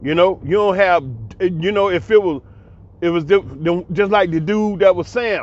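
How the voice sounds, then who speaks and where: A man's voice: sits high, normal speed, highs cut off. A man, giving a heated, preachy monologue that repeats itself. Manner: preachy, ranting, repetitive. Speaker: commentary channel host.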